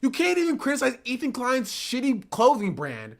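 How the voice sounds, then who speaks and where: A man's voice: very high voice, huge pitch swings, normal speed, creaky. Exasperated man ranting on a livestream. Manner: incredulous ranting, repeating phrases over and over. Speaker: streamer. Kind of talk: livestream reaction commentary.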